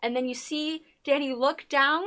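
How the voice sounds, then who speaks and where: A woman's voice: high voice, steady tone, moderate pace, pushed and bright. A young woman co-hosting a TV recap, chatting casually and animatedly acting out the characters' lines. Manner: says "y'all". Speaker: co-host of a TV recap show. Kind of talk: casual chat.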